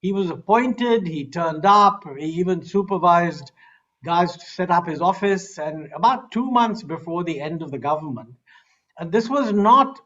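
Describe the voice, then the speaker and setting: A man with an Indian English accent answering a criticism on a panel, measured with frequent hesitations. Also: high voice, a bit bright, muffled recording. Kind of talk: panel discussion.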